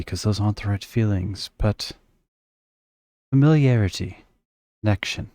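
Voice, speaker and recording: A man acting as game master, narrating a tabletop game in measured, descriptive phrases. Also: lowish voice, mellow, no room sound.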